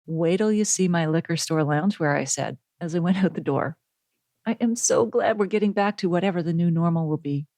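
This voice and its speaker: A woman hosting a podcast interview, enthusiastic and quick to laugh. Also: on the low side, mellow. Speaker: podcast host.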